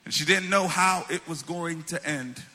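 A man's voice: on the high side, moderate pace, sharp tone. A man preaching a sermon to a congregation, storytelling and calling them y'all. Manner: storytelling, addresses audience as y'all. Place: in front of a congregation.

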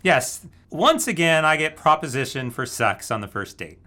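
A man's voice: on the high side, big pitch swings, normal speed, bright, forceful tone. A man casually telling a story, laughing often as he goes. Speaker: guest telling a dating story. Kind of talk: casual anecdote.

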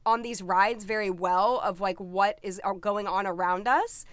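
A woman's voice: medium pitch, unhurried, fairly bright tone, no echo. A young woman chatting casually with a friend, bubbly and full of fillers. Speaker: vlogger. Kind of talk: casual chat.

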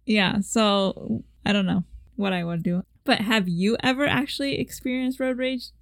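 A woman's voice: medium pitch, normal speed, creaky, dry recording, clean studio sound. A young woman co-hosting a casual chat, asking questions and laughing often. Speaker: podcast co-host.

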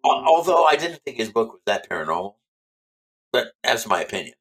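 A man's voice: lowish voice, sing-song, a little fast, fairly bright tone, slightly rough. A man being interviewed as an author, talking in a chatty, emphatic way and often repeating himself. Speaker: author guest. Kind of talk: casual interview chat.

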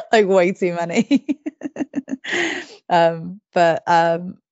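A chatty woman with a lowish voice tells stories on her podcast, laughing at herself as she goes. The recording is dull and dry. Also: steady tone, very slow, a little mellow, no room sound. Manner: chatty, laughs often, self-deprecating. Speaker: podcast co-host. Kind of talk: casual chat.

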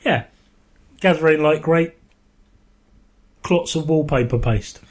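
A man's voice: a little high, slow. A man co-hosting a podcast, chatting casually with a dry, teasing, sweary manner. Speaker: podcast co-host. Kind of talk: casual chat.

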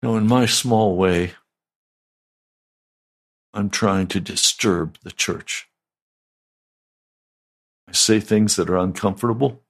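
An older man, a pastor, giving a slow, deliberate, conversational sermon. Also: fairly low pitch.

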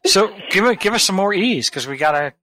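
A man's voice: sits high, animated, a little fast, pushed and bright. A man hosting a podcast in casual chat, teasing his co-host with wisecracks.

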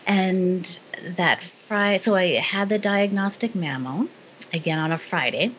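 Low-voiced woman telling a personal story. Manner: candid, halting, many fillers and restarts. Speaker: guest sharing her story. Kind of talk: casual conversation. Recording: dull lo-fi sound with faint noise.

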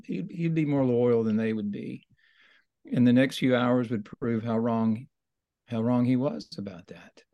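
A man's voice: mid-range voice, a little mellow, no room sound. A man teaching in a conversational Bible study discussion, thoughtful and explanatory, often restarting his sentences.

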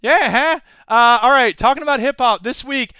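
A man's voice: extremely high pitch, fairly even intonation, a little fast, pushed and bright, clean tone, no room sound. A man hosting a podcast, reading news items and riffing with jokes in a rambling, playful way. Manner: jokey, rambling, slips into silly voices. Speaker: podcast host. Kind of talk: comedic news commentary.

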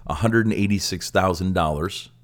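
An older man co-hosting a casual ministry podcast. He tells stories with animated energy and often stammers into restarts. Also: low voice, normal speed. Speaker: ministry director and co-host.

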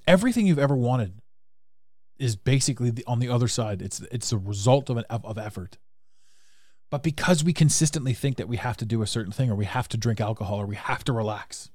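A man delivers a motivational podcast monologue in a frank, earnest way, dropping the odd swear word. His voice sits at a middling pitch. He is recorded close on a podcast mic in a dry space. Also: darkish tone, no echo. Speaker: podcast host.

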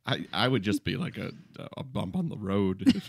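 A man's voice: fairly low pitch, sing-song, unhurried, vocal fry, slightly rough. A man co-hosting a podcast in a casual chat, joking and laughing often. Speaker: podcast co-host.

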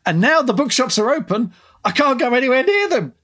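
A man co-hosting a writing podcast while mildly ill, his voice a bit husky, chatting in a rambling, self-deprecating way. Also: very high-pitched, very animated, a little fast, pushed and bright. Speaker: podcast co-host and author. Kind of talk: casual podcast chat.

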